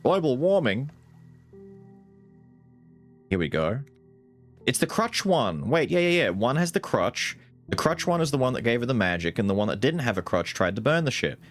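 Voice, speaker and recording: A man giving casual, animated let's-play commentary, thinking aloud and swearing casually. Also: mid-range voice, normal speed, pauses often, faint music behind. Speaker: gaming YouTuber.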